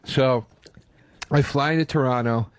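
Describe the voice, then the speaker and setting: A man's voice: mid-range voice, a little slow, no echo. A man with an American accent, co-hosting a podcast, telling a story in a casual chat, acting out the people in it and swearing freely. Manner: animated, acts out people in his stories, swears. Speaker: podcast co-host.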